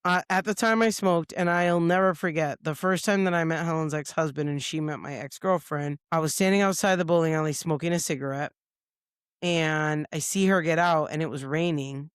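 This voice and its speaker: A woman's voice: low voice, fairly quick, clean tone, no echo. A woman co-hosting a podcast in a studio, telling a story in casual chat and acting out the lines of the people in it. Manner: lively storyteller who acts out quoted lines. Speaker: podcast co-host.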